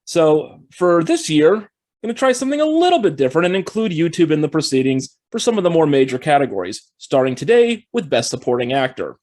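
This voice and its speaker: Upbeat man reviewing films, voice on the higher side. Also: very animated, a little fast, darkish tone. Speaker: film reviewer and host. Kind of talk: scripted film review.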